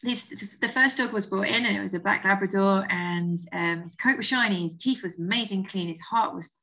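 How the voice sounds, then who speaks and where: Bright-voiced Essex woman vet. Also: mid-range voice, a little fast, low-quality recording. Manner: chatty, emotional storytelling. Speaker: guest vet. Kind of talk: podcast interview.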